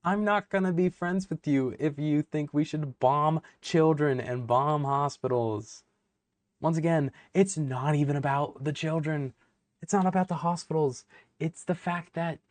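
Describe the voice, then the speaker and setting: A man's voice: fairly high pitch, measured pace, a little mellow, no echo. A young man vlogging to camera, ranting heatedly and rambling, with many fillers and swearing.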